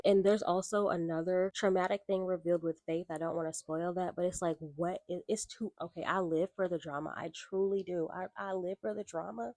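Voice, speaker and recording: Woman, book vlogger, lower pitch, dry close sound, exasperated, expressive, casual review chat. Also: a little fast, hardly any pauses, no room sound, soft background music. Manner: incredulous, exasperated, expressive reactions; addresses viewers as y'all, baby, child.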